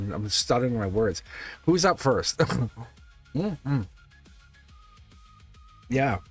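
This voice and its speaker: A man's voice: mid-range voice, a bit bright. A middle-aged man talks casually to his live-stream viewers as a tarot reader. He laughs often, restarts and repeats words. Faint music plays in the background. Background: test music.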